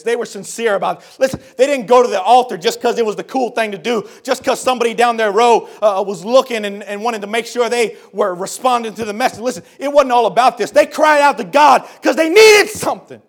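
A man with a high-pitched voice preaches a sermon, drifting down to near whispers and then climbing to full shouts. He hammers points home by saying them twice. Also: fast talker, few pauses. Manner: swings from hushed to shouting, repeats phrases for emphasis.

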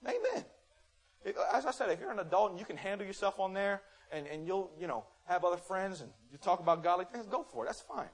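A high-pitched, animated man preaches a sermon, swinging between loud scolding and quiet, earnest testimony. He acts out little dialogues in quick voices.

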